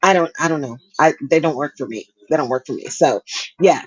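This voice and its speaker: A woman's voice: sits low, fairly quick, breathy edge, dry recording, muffled recording. A woman co-hosting a talk show, chatting casually and laughing often as she talks. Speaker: podcast co-host. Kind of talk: casual chat.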